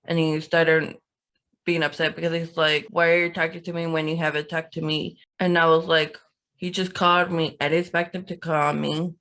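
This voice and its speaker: Flat-voiced woman telling a story. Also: sits low, moderate pace. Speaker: podcast guest. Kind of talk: casual storytelling.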